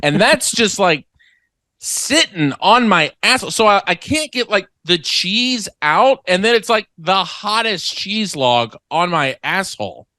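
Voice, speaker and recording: A man's voice: high-pitched, a little slow, no echo. A young man co-hosting a comedy podcast, telling exaggerated stories in casual chat. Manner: animated, exaggerated storytelling. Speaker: podcast co-host.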